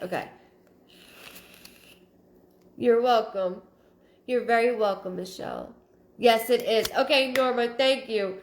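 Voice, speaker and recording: A woman's voice: on the high side, steady tone, slow, long pauses, slight background noise. A woman psychic medium hosting a live stream, reading out viewer comments and thinking aloud in fragmented, repeated phrases. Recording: roomy echo.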